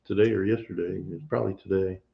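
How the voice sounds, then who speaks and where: A man's voice: low voice, steady tone, quick pace, creaky. A man co-hosting a homestead live stream, chatting casually and laughing often. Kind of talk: casual chat. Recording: dull lo-fi live stream audio.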